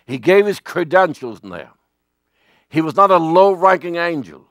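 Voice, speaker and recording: Gravelly-voiced male preacher. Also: fairly high pitch, expressive, moderate pace, dry recording, clean studio sound. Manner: emphatic, swings between loud and hushed. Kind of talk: sermon.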